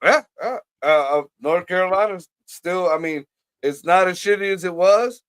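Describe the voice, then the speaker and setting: A man's voice: high-pitched, normal speed, a bit bright, smooth, no echo. A man co-hosting a casual podcast chat, blunt and profane, laughing often. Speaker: podcast co-host.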